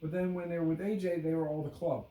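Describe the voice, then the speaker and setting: A man co-hosting a wrestling podcast in a joking, rambling way, his voice pitched a bit high with a mellow tone. He sits back from the mic in an echoey room. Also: flat delivery, fast, recorded from a distance. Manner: joking, rambling, many fillers. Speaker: podcast co-host. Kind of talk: casual wrestling podcast chat.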